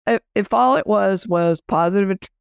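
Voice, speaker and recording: A woman's voice: medium pitch, moderate pace, creaky, clean tone, dry recording, studio quality. A woman podcast host and business coach, chatting as she explains her program and guides listeners through an exercise.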